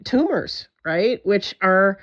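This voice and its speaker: A woman's voice: mid-range voice, sing-song, takes it slowly, highs cut off. A woman vlogger in a direct-to-camera monologue, talking in an intense, emphatic way, frustrated and swearing often.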